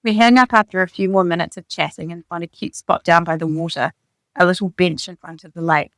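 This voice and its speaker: A woman narrates her own story in the first person, with candid asides in between. Her voice sits low for a woman. The recording is close and dry, with no room sound. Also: steady tone, brisk, a bit bright, no room sound. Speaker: author reading her own book on her podcast.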